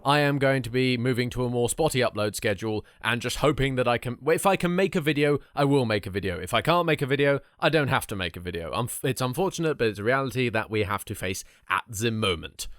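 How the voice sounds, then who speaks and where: A man's voice: mid-range voice, lively intonation, quick pace, hardly any pauses, a bit bright, dry recording, studio quality. A man giving a casual vlog update with wry joking asides. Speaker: YouTuber.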